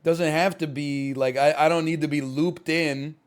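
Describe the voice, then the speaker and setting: A man streaming live, chatting casually while he plays a game, rambling and often rising to loud outbursts. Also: on the high side, fairly even intonation, moderate pace.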